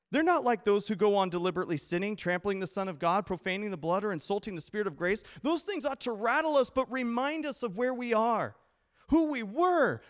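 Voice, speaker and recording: Middle-aged man, pastor mid-sermon, higher voice with a lot of melodic movement, playful and animated.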